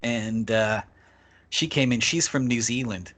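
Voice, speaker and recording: A man's voice: mid-range voice, measured pace, a bit bright. A man, a podcast guest, telling a long travel anecdote in casual, profanity-laced talk. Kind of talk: casual storytelling.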